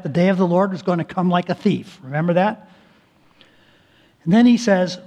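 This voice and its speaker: Preaching in a high voice, this pastor is emphatic and sincere, drawing out important words at a slow pace. He frequently breaks off and begins phrases again.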